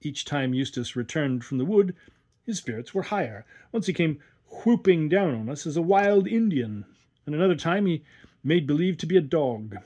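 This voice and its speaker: A man giving an expressive storytelling reading, narrating a classic short story aloud. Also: on the high side, moderate pace. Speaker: audiobook reader. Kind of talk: scripted narration.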